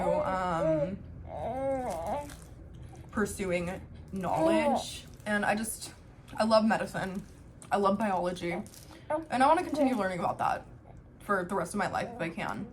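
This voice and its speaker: Candid young mother vlogging at home. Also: mid-range voice. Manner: candid, reflective, many "um" and "like" fillers. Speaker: family vlogger. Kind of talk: casual talk to camera. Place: home, with a baby in her arms. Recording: faint background noise.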